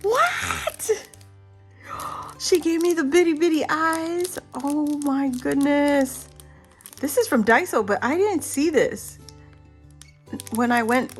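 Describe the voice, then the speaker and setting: A middle-aged woman vlogger chatting casually and excitedly as she unboxes a birthday gift, gasping and laughing. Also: fairly high pitch. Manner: excited and giddy, many gasps and laughs. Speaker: crafting vlogger.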